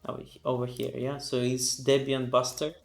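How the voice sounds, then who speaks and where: Another casual live-coding stream features a sleepy man who yawns, reads through documentation and mutters his reactions with lots of fillers. His mid-range voice is monotone and moderately paced, heard in an echoey room with soft music in the background.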